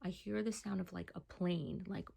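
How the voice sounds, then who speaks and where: Woman telling her story kinda hushed, almost whispering, super gravelly fry, lowish voice. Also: moderate pace. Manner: hushed, often dropping to a near whisper. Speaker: person giving a personal testimony. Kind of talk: casual first-person storytelling.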